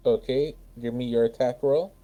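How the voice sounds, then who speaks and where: A man running a tabletop game over voice chat, his tone very dark and mellow. He narrates loosely and casually, stumbling and restarting mid-sentence as he describes what happens. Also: medium pitch, steady tone, normal speed. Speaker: game master.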